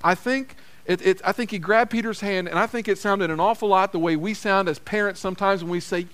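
A man's voice: high voice, steady tone, a little fast, few pauses, fairly bright tone, smooth. A man preaching a sermon as a pastor, in a conversational way, repeating phrases for emphasis. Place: church.

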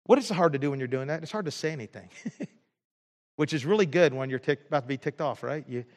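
A man's voice: on the high side, fast, darkish tone, big-room sound. A pastor delivering an emphatic sermon in a church, repeating words and restarting his sentences. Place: church sanctuary.

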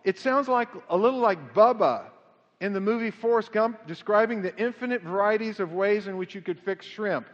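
A man preaching a sermon in an animated way, swinging his pitch up and down to act out quotes. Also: moderate pace. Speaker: pastor. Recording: dull lo-fi sound with long hall reverb.

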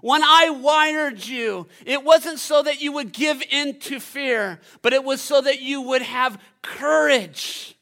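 A man voicing God within a sermon, speaking loud, slow and emphatic. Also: very high voice, voice pushed up, full character voice. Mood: commanding. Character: booming voice of God, commanding and fatherly.

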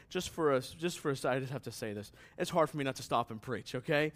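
A man preaching a sermon in a relaxed, conversational way, with asides to the congregation. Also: medium pitch, quick pace, few pauses. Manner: conversational preaching that rises to emphatic scripture reading. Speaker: pastor.

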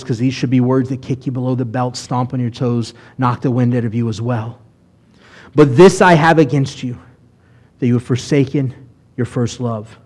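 A rabbi preaching a sermon with passion, reading scripture aloud, dropping to a hush and then rising loud. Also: male voice, mid-range voice. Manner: impassioned preaching, swings from hushed to loud; reads scripture aloud with Hebrew terms.

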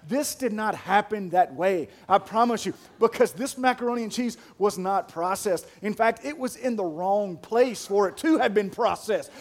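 High-voiced preacher. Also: male voice, normal speed, few pauses. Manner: animated, repeats words, builds to emphatic shouts. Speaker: pastor. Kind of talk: sermon.

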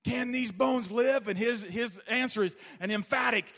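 A pastor preaching a sermon in a church, with a passionate, repetitive preaching cadence. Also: male voice, very high-pitched, moderate pace, hardly any pauses, a bit bright. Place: church sanctuary. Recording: long reverb of a large hall.

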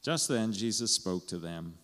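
A man's voice: fairly low pitch, expressive, measured pace, a bit bright, in a large hall. A man pastor preaching a conversational sermon in a church, asking the congregation questions and chuckling as he goes.

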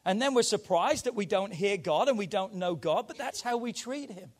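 A man, a church pastor, preaching a conversational sermon to his congregation, now hushed and quiet, now rising with emphasis. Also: sits high, lively intonation, moderate pace.

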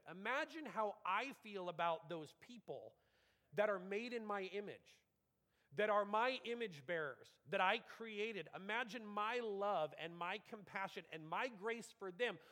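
A man voicing God as a patient, compassionate figure who reasons gently and earnestly. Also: high-pitched, long reverb tail.

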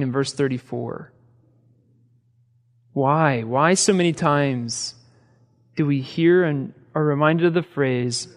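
A man from the American Midwest preaching a sermon as pastor, conversational, with repeated rhetorical questions and touches of humor. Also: on the high side. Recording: reverberant hall.

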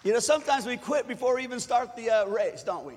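A man preaching a sermon to a congregation in a conversational way, building up to shouted calls for them to answer. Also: very high-pitched, animated, fast talker, slight background noise. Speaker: pastor. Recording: long hall reverb.

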